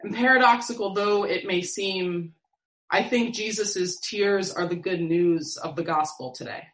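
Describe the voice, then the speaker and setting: Woman preacher, calm measured sermon delivery, recorded in a roomy space. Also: mid-range voice. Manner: slow, measured, reflective delivery with long pauses.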